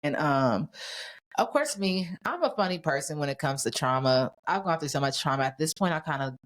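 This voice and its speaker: A woman's voice: sits low, expressive, a little fast. A woman guest on a podcast, recounting events in casual, blunt talk and swearing freely. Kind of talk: casual storytelling.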